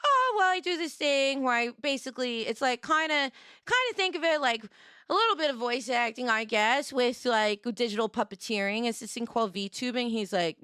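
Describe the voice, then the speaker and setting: A young woman streamer telling a story in a casual, animated way, laughing and acting out the people she quotes. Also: fairly high pitch, moderate pace, clean tone, dry recording, studio quality.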